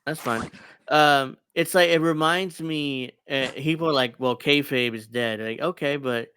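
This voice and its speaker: A man's voice: mid-range voice, measured pace, a bit bright, slight background noise. A man hosting a wrestling podcast in casual chat, rambling with many restarts. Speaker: podcast host.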